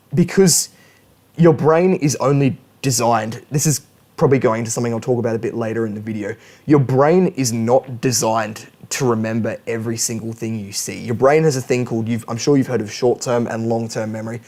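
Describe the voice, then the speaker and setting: A man's voice: medium pitch, darkish tone. Chatty young man explaining study habits. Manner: chatty, self-correcting, joking asides. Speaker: language learning YouTuber. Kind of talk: casual educational monologue.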